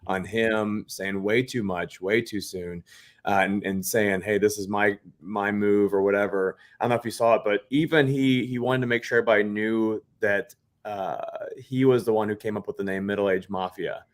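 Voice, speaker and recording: Low-voiced man giving opinions. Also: fairly even intonation, moderate pace. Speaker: podcast co-host. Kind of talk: casual chat recapping a reality show.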